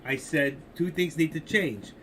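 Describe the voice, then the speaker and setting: A man's voice: a little high, measured pace, fairly bright tone, a little hiss or hum. An older man hosting a casual live stream, talking markets and opinions in a rambling, opinionated way, speaking straight to his viewers.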